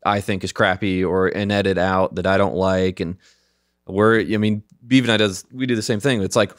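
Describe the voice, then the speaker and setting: A man's voice: low voice, fairly even intonation, moderate pace, no room sound, clean studio sound. A man guest in a casual podcast chat, talking frankly with a wry edge.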